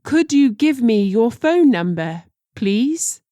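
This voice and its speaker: Slow, careful woman reading phrases. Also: a little high, big pitch swings, warm tone, no room sound, clean studio sound. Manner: slow and deliberate, careful pronunciation. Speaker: language teacher.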